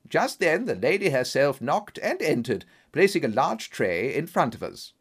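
A man reading an audiobook story aloud with steady storytelling. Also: moderate pace, hardly any pauses, breathy edge. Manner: steady storytelling, animated pitch. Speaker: narrator. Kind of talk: scripted audiobook narration.

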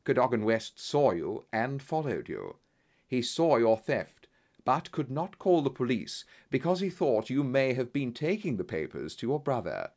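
A man voicing a calm male detective who speaks in a measured, firm way. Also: medium pitch. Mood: accusing.

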